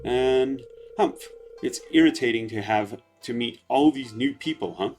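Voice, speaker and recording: A man voicing a grumpy, ornery old man from a farming game, gruff and curt. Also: medium pitch, a little slow, a little mellow, faint music behind, natural voice.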